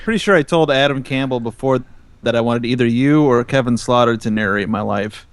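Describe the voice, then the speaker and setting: A man's voice: mid-range voice, a little fast, clear, resonant tone, dry recording. A man hosting a casual podcast interview, easygoing and asking rambling questions. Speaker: podcast host.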